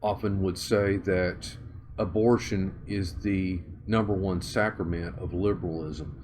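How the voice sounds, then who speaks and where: Southern male interviewee, low-pitched, measured, searching for words. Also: fairly even intonation, a little mellow, slight background noise. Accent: Southern US (Oklahoma). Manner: measured, thinks aloud with many fillers and restarts. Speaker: interview guest. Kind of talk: conversational interview.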